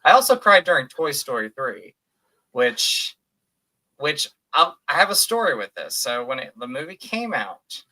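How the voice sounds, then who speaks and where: A young man co-hosting a casual podcast, animated and quick to laugh, acting out his own reactions. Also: a little high. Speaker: podcast co-host. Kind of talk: casual chat.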